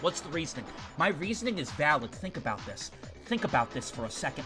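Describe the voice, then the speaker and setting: A young man streaming a game, excitably ranting and swearing at the characters as he plays. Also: on the high side, quick pace, soft background music. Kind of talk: live game playthrough commentary.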